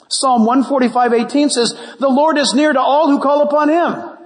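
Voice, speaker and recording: A pastor preaching a sermon, playful and animated, acting out prayers and little dialogues. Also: male voice, extremely high pitch, normal speed. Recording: long hall reverb.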